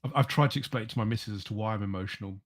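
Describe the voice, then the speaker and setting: A man's voice: fairly low pitch, rapid-fire. A man appearing as a guest on a live stream, chatting casually and playfully. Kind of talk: casual chat.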